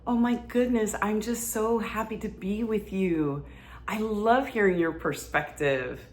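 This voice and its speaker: A woman's voice: mid-range voice, unhurried, reverberant, pitched above the performer's own voice, natural voice. A woman acting out an adult woman in an exaggerated demonstration of moods. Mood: gushing. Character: adult woman swinging from gushing joy to irritation.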